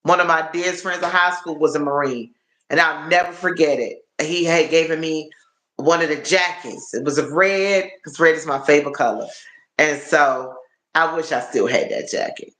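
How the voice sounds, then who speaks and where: At a normal pace, a man with a sharp, slightly high voice runs a laid-back live stream from a reverberant room. He's chatty but worn out and achy, going over things twice and calling viewers y'all.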